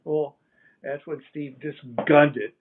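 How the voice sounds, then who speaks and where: An older man, a guest on an interview show, telling stories in a casual, animated way, laughing and mimicking sounds as he goes. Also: on the high side, slow. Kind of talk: casual storytelling. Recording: tinny phone-like line.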